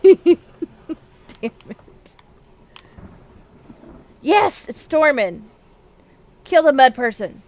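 Jumpy woman gamer on stream, super high pitched, voice leaps all over the place. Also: big pitch swings, very slow, pauses often, darkish tone. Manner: jumpy, frightened, squealing and laughing nervously. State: scared. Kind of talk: live game commentary.

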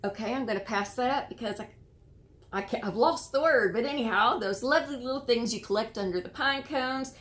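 An American woman hosting a casual show-and-tell of handmade cards, admiring and gentle, sometimes searching for words. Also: fairly high pitch, a little fast. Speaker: card-making channel host.

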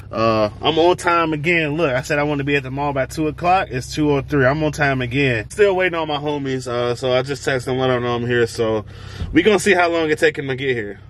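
A man's voice: mid-range voice, fairly quick. A young man vlogging casually from his car, talking in loose, slangy chat with plenty of fillers. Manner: laid-back slangy talk, loose fillers. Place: driving in a car and outdoors. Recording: loud road noise behind. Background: car and street noise.

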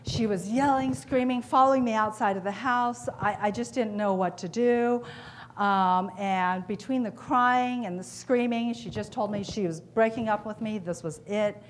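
A woman's voice: medium pitch, moderate pace, slight background noise, natural voice. A woman voicing a distracted, rattled male customer who rambles in a flustered way.

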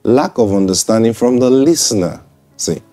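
A man's voice: medium pitch, animated, moderate pace, warm tone. A man preaching in a broadcast sermon. He speaks conversationally, repeats himself and checks in with listeners.

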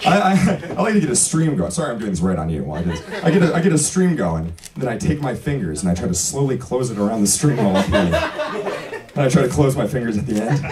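Young male stand-up host, lively pitch, laughs through lines; distant club mic, loud crowd. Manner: laughing often, casual, says "dude" a lot. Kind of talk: stand-up comedy set. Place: comedy club.

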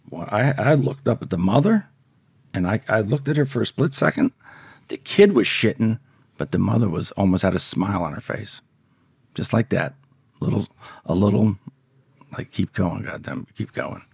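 A man's voice: lowish voice, sing-song, normal speed, gravelly, long pauses, a little mellow, breathy edge, dry recording, studio quality. A man telling a story from his past in casual, profane speech, often acting out the voices of the people in it. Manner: profane, vivid, acts out quoted voices.

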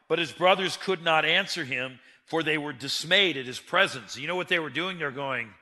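A man delivers a sermon in a bright, forceful voice, telling the story with animation and acting out the lines of the people in it. His voice rings with the long reverb of a large hall. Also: on the high side, moderate pace. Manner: animated storyteller who acts out quotes. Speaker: preacher.

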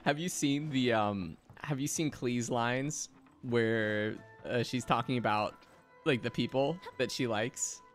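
A man hosting a casual game stream, chatting and telling stories in an animated, laughing way. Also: mid-range voice, slow, faint music behind. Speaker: streamer and voice actor.

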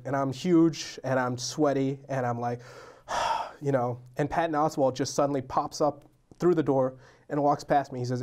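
A young man chatting as a guest on a casual talk show. He tells stories with energy and slips into quoted voices as he goes. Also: mid-range voice. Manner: animated storyteller, acts out quotes. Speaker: novelist guest.

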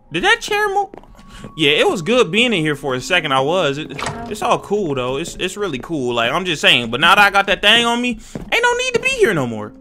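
A young man giving jumpy, excitable, slang-filled commentary while playing a horror game and talking to his viewers. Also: high voice. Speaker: gaming YouTuber.

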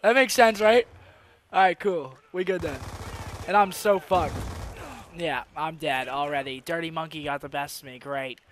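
A young man giving casual commentary over his own gameplay, excitable, swearing a lot and laughing between rants. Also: fairly high pitch, moderate pace, a little hiss or hum. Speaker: gaming YouTuber.

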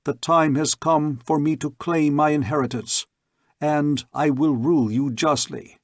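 A man's voice: on the high side, steady tone, measured pace, no room sound, studio quality, pitched above the performer's own voice, natural voice. A man voicing a commanding man who proclaims himself the rightful king, declaiming in a raised voice. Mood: proclaiming.

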